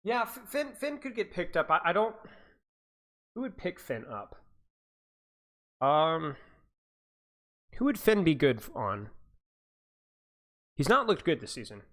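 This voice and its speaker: A man streaming and chatting loosely with his viewers, his pitch swinging up and down a lot. He rambles, repeats phrases and laughs between thoughts. He talks in a casual, offhand coaching-stream way. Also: big pitch swings, unhurried, long pauses. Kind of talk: casual livestream chat.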